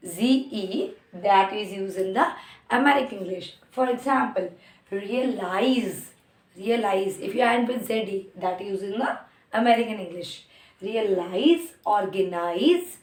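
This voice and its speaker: Slow, repeating woman teacher, echoey room. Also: mid-range voice. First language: Hindi. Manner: repeats words slowly for practice. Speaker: English teacher. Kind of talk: online lesson explaining pronunciation.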